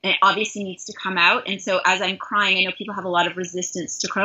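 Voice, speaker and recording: A woman's voice: medium pitch, level tone, quick pace, pushed and bright, slightly rough. A middle-aged woman from Canada, a life coach, speaking in an earnest, heartfelt and self-reflective way in an interview conversation. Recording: dull lo-fi recording.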